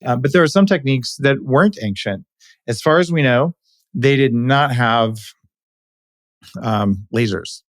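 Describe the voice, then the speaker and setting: A man hosts a podcast in a lively, opinionated way, throwing in quick asides. His voice sits at a middle pitch. The sound is dry and close. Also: dry recording. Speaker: podcast host. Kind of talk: casual interview chat.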